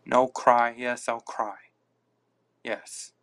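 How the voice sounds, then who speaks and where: Slow-talking man rambling on a podcast. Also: mid-range voice, flat delivery, a bit bright. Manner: rambling, reacts to listener comments aloud. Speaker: podcast host. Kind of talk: casual live chat. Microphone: phone.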